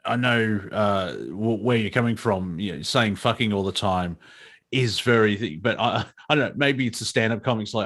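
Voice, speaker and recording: A man's voice: lowish voice, normal speed, fairly bright tone. A man with an Australian accent, co-hosting a casual comedy chat in a rambling, profane, self-mocking way. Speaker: co-host, comedian and audiobook narrator.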